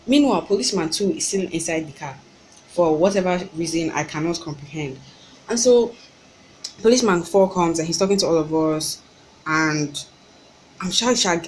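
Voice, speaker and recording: A woman's voice: low voice, darkish tone, slight background noise, poor audio. A young woman with a Nigerian accent, telling an exasperated story in a ranting vlog. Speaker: vlogger.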